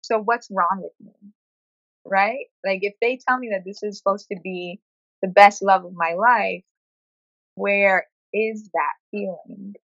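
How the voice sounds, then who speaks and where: A woman speaking frankly in a conversational interview, telling her story with animated quoted asides. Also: medium pitch, a little slow, no echo, lo-fi sound. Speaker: guest sharing her experience.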